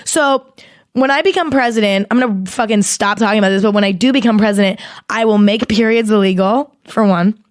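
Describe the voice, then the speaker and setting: A young woman hosting a casual solo podcast, rambling and swearing as she talks in an animated, exaggerated way into a close mic. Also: mid-range voice, fairly quick, no room sound. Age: young adult. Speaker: podcast host.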